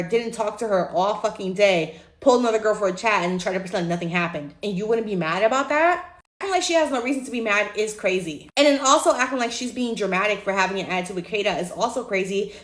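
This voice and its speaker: Fast-talking blunt young woman. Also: medium pitch, echoey room. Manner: animated, blunt, profane, acts out quotes. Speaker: reality TV commentator. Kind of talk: casual opinion rant to camera.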